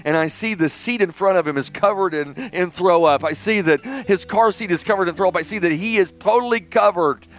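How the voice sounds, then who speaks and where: A middle-aged man preaching a sermon in church, telling a personal story and swinging between loud emphasis and hushed, tender passages. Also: high-pitched, a little fast, few pauses. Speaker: pastor. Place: church sanctuary.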